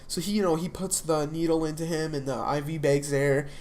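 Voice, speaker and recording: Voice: mid-range voice, steady tone, a little fast, a little mellow. A young adult speaker recapping a TV episode in a casual, rambling way, full of fillers and restarts. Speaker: TV episode reviewer.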